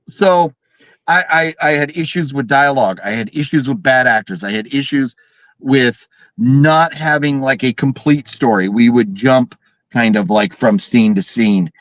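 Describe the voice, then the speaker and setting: A man co-hosting a horror film livestream, talking casually and excitedly, swearing and mimicking characters. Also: on the high side, unhurried, no room sound, low-quality recording. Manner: animated, swearing, mimics characters with big shrieks. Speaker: podcast co-host reviewing horror films.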